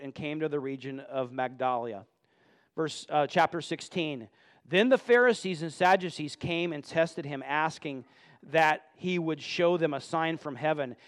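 A man reading scripture aloud and explaining it in a Bible teaching, often stumbling and repeating words when he speaks off the cuff. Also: fairly high pitch.

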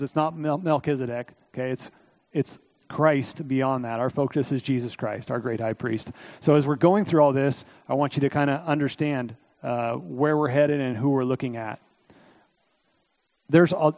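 A middle-aged man delivers a sermon in a loose, conversational style, full of asides and fillers. His voice sits somewhat high for a man and sounds slightly hoarse. The sound is dry and close, with little room echo. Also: a little mellow. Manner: conversational, folksy preaching with frequent fillers and asides. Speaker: pastor.

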